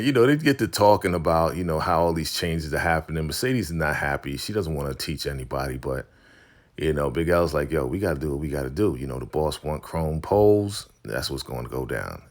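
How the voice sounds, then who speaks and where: A man casually recapping a TV episode, animated, loosely acting out the characters' lines and laughing often. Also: rumbling low, brisk, vocal fry. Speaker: recap vlogger.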